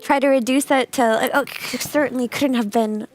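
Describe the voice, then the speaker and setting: A woman's voice: sits high, steady tone, moderate pace, soft background music. A woman on an esports panel, chatting casually and giggling between remarks. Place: studio desk.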